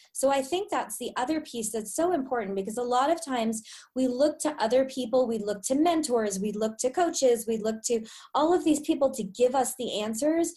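Chatty upbeat woman, slightly high voice. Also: darkish tone. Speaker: guest, oracle deck creator. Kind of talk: casual podcast chat.

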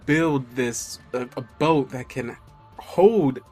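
A man's voice: medium pitch, slow, darkish tone, breathy edge, soft background music. A man improvising a story in a casual group game, rambling with many fillers.

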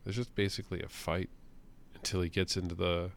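A man's voice: low-pitched, flat delivery, fairly quick, gravelly, a little hiss or hum. A young man in casual, profane chat about comics, laughing often and acting out lines he quotes.

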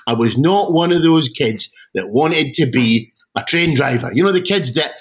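In a casual interview, a middle-aged guest auctioneer from Scotland shares stories with lively, self-deprecating restarts. His mid-range voice moves at a moderate pace over a rough recording.

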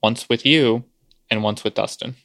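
A man's voice: medium pitch, fairly even intonation, normal speed, vocal fry, a bit bright, dry recording. A man co-hosting a podcast in casual chat, wry and matter-of-fact. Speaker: podcast co-host.

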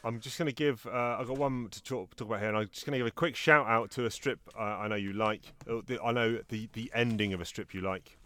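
A man's voice: on the low side, steady tone, fast, hardly any pauses, a bit bright. A man co-hosting a podcast, chatting casually and retelling comic strips with an easygoing manner and chuckles. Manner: easygoing storytelling with chuckles while reading out strips. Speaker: podcast co-host.

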